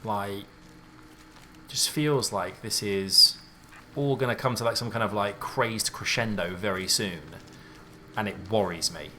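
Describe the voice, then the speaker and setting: A man giving let's play commentary on a game, excitable and jumpy, thinking aloud in casual slang. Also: on the low side, unhurried, long pauses, a little hiss or hum. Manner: casual slangy talk, says mate and dude. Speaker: gaming YouTuber.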